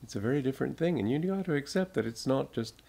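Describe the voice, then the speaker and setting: A man's voice: mid-range voice, lively intonation, creaky, mellow. An older American man, a spiritual teacher, giving an informal talk to an audience, telling stories and laughing often as he goes. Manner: slow, chuckling storyteller.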